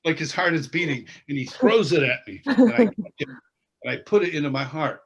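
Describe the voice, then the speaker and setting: Guy with a husky, slightly high voice spinning a story in an interview, acts out all the parts. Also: fairly quick. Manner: expressive, acts out the people in his story; laughs while telling. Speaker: interview guest. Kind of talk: animated storytelling.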